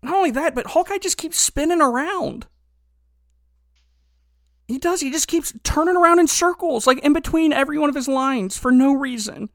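A man hosting a podcast, telling stories in a casual comedic chat with animated, rambling energy. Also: very high voice, moderate pace, no echo, clean studio sound. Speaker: podcast host.

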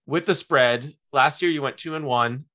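A man's voice: medium pitch, moderate pace, pushed and bright. A man hosting a podcast, chatting casually and easily about basketball and football picks. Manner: easygoing, chatty fan talk. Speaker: podcast host. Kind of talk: casual sports chat.

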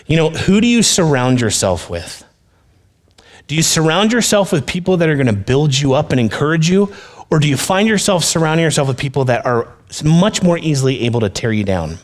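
A male pastor with a mid-range voice delivers a sermon in a plain, conversational way. He speaks earnestly and addresses his listeners directly, retelling a story and drawing out its lesson. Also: medium pitch.

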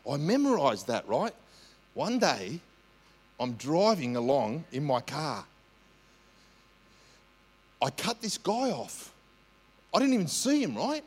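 A man with an Australian accent, a senior pastor telling stories in a lively, conversational sermon, often asking "right?". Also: on the high side, takes it slowly, long pauses, husky. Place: church. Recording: long church hall reverb.

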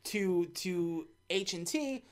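A woman's voice: fairly low pitch, animated, slow. A woman co-hosting a casual movie recap, retelling scenes and acting out the characters' lines. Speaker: podcast co-host recapping a film.

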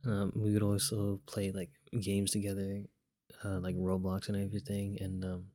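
A young man tells a personal story in a loose, rambling way, full of fillers and restarts. His voice sits a little low, and the sound is dry and close with no room around it. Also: monotone, moderate pace, dark tone, no echo. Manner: laid-back, chuckles now and then.

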